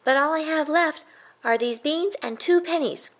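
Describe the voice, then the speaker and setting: A woman's voice: high voice, moderate pace, voice pushed up, lightly acted. A woman voicing Jack, a meek, poor young boy, in a storybook reading.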